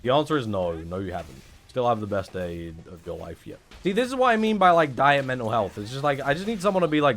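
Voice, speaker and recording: A man's voice: medium pitch, big pitch swings, fairly quick, few pauses, soft background music. Rambling, sarcastic young man. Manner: rambling, sarcastic, swears often. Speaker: streamer. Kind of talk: casual stream chat.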